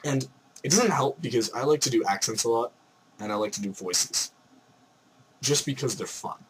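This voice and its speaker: A young man from Canada ranting excitedly in a vlog, slipping into mock voices as he goes. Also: mid-range voice, normal speed, breathy edge. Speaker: vlogger.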